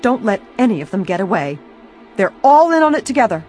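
A woman reading an audiobook, voicing a shrill, excitable middle-aged waitress who accuses and near-screams. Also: fast, faint music behind, lightly acted. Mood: shrill accusing. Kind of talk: audiobook character voice.

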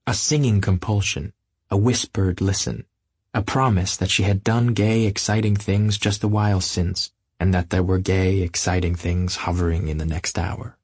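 A man narrating an audiobook in a measured, literary first-person reading. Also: deep voice, fairly even intonation, husky, dry recording, studio quality. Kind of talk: scripted narration.

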